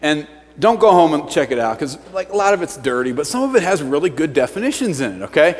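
A man preaching a sermon as a youth pastor, dropping to hushed near-whispers and then rising to loud shouts. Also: fairly high pitch, sing-song, fast talker, few pauses. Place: church sanctuary. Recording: long hall reverb.

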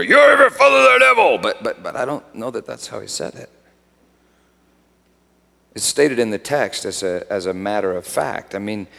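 A man preaching a sermon as pastor, swinging from hushed asides to loud emphatic peaks. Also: on the low side, creaky. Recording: long hall reverb.

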